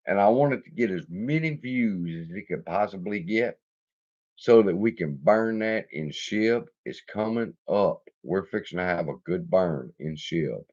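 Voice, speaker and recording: A man's voice: low voice, animated, measured pace, darkish tone, highs cut off. A man hosting an investing channel, telling rambling, profane stories with frequent laughs in a casual chat. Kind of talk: casual storytelling livestream.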